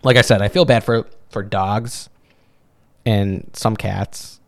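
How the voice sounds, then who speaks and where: A man's voice: lowish voice, steady tone, takes it slowly, creaky. A man from the Chicago suburbs co-hosting a podcast, chatting casually in a crude, teasing way. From Chicago suburbs, USA. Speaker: podcast co-host. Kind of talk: casual chat.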